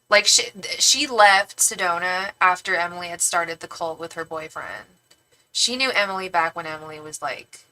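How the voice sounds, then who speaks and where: A middle-aged woman from the Bay Area talks with a Northern California accent in a bright, forward voice. She hosts a casual livestream and chats freely, animated and slangy, with lots of "like" and some playful swearing. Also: fairly low pitch, rough recording. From San Francisco Bay Area, California. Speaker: tarot reader and livestream host. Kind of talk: casual livestream chat, reading viewer comments aloud.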